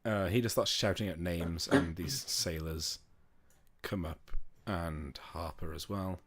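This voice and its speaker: Deep-voiced male game master. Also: takes it slowly. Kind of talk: narrating a tabletop game.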